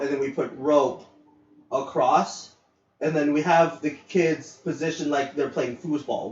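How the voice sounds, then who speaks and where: A podcast co-host with a mid-range male voice rambles through a long work story, casual and loaded with fillers and the occasional swear word. His roomy, distant, dull lo-fi mic carries a little hiss or hum.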